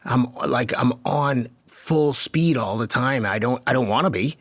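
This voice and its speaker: A man in his fifties tells stories as a podcast guest, emphatic and animated, and acts out the dialogue as he goes. His voice sits in a middle pitch. The sound is dry and close. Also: a little slow, no room sound. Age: 50s. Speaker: podcast guest, masters marathon runner. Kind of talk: casual interview chat.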